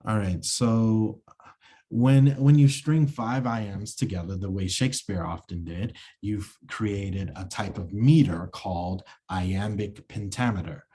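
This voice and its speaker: Male acting instructor, low mellow voice, slow and halting with lots of fillers, lecturing over a video call. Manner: halting, many fillers and restarts. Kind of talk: online lecture with screen share.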